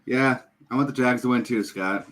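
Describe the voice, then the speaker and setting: A man's voice: medium pitch, moderate pace, background noise. A man co-hosting a sports podcast, ranting in an exasperated way and using lots of filler words. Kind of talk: casual sports talk.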